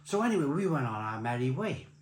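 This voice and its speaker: A man's voice: medium pitch, big pitch swings, quick pace, slight background noise. A man telling a rambling, laughing anecdote as a beer vlogger, with many restarts. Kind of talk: casual anecdote. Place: beer festival. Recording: roomy echo with faint ambience.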